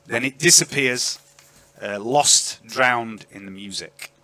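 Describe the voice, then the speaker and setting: A man narrating as game master of a tabletop game, chatty and lively, on an online voice call. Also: mid-range voice, takes it slowly, slight background noise. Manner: lively, chatty, filler-heavy.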